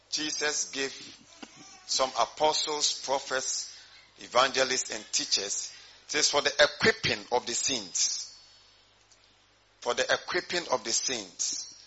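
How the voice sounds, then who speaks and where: A man's voice: medium pitch, bright, forceful tone, slightly rough, muffled recording. A man preaching a sermon as pastor, repeating his points and putting questions to the congregation.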